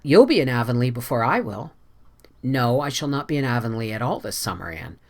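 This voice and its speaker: A reader voicing an earnest young man in an audiobook, speaking quietly and steadily. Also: medium pitch, big pitch swings, brisk. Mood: friendly. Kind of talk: audiobook character voice.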